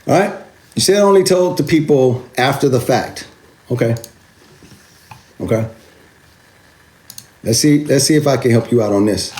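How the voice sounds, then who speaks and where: A man hosting a crypto video answers a commenter directly in an animated rebuttal to the camera. His medium-pitched, darkish voice moves at a moderate pace with frequent pauses, and his delivery is emphatic, repetitive and taunting.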